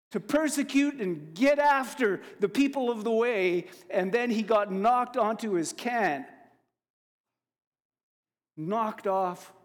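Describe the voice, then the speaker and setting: Man, preacher, sermon, emphatic with casual asides, long church reverb. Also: sits high.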